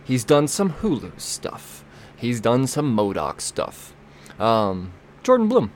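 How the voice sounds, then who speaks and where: A man's voice: mid-range voice, animated, slow, slight background noise. A man hosting a comics podcast, reading sponsor spots casually, rambling and joking with himself. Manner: rambling, self-interrupting, jokey. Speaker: podcast host. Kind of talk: casual podcast reads and intro.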